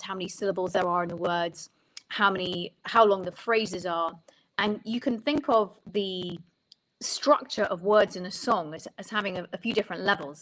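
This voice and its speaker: A woman songwriting coach talks through her ideas as an interview guest. Her voice sits at a middle pitch, and she explains thoughtfully, often restarting a phrase before she finishes it. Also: low-quality recording.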